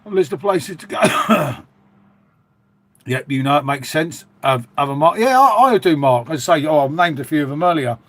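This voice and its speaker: A man's voice: a little high, moderate pace, a bit bright, no echo. A middle-aged Englishman, chatting casually and rambling to viewers on a live stream. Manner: chatty, rambling, matey, reading out viewer comments. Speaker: livestream host.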